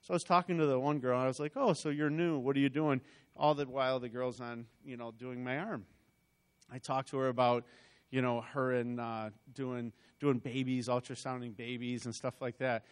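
A man's voice: mid-range voice, fairly even intonation, normal speed, clean tone. Man sharing a rambling church testimony. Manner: conversational, rambling with restarts and asides. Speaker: church member giving a testimony. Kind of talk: personal testimony told as a story.

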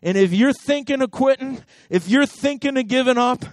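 Man, pastor, sermon, high voice, dry close sound, fiery, loud-to-hushed swings. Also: normal speed, dry recording. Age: adult. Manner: impassioned preaching with sharp swings between loud and hushed; repetitive exhortation.

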